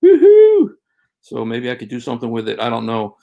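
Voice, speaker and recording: A man hosting a casual livestream, talking in a halting, rambling way with many fillers and restarts. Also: medium pitch, little pitch movement, vocal fry, muffled recording. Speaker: livestream host.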